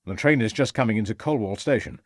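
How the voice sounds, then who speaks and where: A composed police inspector answers in short, measured, polite lines, as a male narrator voices him. His voice moves freely in pitch and sits close and dry in an audiobook recording. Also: expressive, no room sound.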